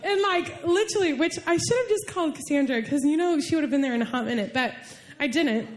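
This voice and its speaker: A woman's voice: high voice, fast talker. A young woman giving a casual, emotional sermon, telling personal stories in a chatty way full of "like"s. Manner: chatty, many "like"s, emotional storytelling. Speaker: preacher.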